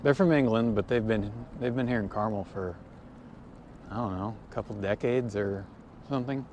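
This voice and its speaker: A man with a slightly low voice talks in a relaxed, joking way while riding a cargo bike along a windy city path. He speaks into a camera mounted on the bike, and a faint hiss sits behind him. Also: moderate pace. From United States. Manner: joking, easygoing, chatty. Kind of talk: casual livestream chat.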